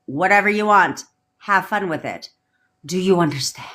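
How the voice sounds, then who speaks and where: A woman's voice: lowish voice, normal speed, a bit bright. A woman manifestation coach on a livestream, ranting bluntly with lots of swearing and repeating commanding affirmations.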